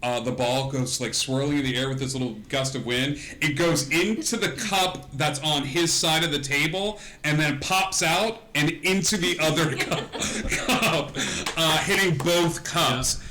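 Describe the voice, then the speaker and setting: A man narrating a tabletop game as game master, with lively delivery and frequent laughter as he slips into characters. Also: fairly high pitch, unhurried, hardly any pauses, slight background noise.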